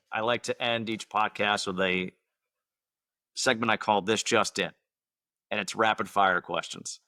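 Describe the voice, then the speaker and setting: A man's voice: fairly low pitch, bright, forceful tone, no echo. A man hosting a podcast, asking his guest direct, upbeat questions. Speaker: podcast host. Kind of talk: interview questions.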